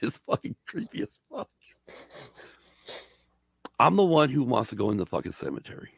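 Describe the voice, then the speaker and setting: Gravelly middle-aged guy swearing through a story, voice bouncing all over. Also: mid-range voice, moderate pace, dry recording. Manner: profane, animated storyteller. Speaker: podcast host. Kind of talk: casual storytelling chat.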